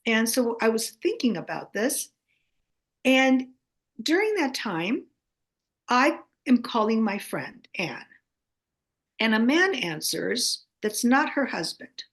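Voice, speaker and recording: An older woman from the United States in her seventies, an author and guest telling stories in an animated way and often checking in with "okay?". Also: a little high, takes it slowly, pauses often. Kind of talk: animated anecdotal storytelling.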